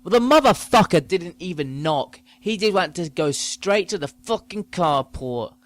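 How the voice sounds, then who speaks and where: A man's voice: sits high, expressive, normal speed, few pauses, no room sound. A man hosting a comedy podcast, ranting profanely about trivial things. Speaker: podcast host. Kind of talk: comedic rant.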